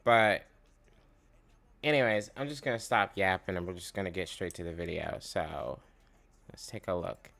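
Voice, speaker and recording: A man's voice: low-pitched, moderate pace, vocal fry, long pauses, a bit bright. A man giving casual, rambling commentary, swearing often as he rants while reacting to a video. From United States. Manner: profane, rambling, fired up.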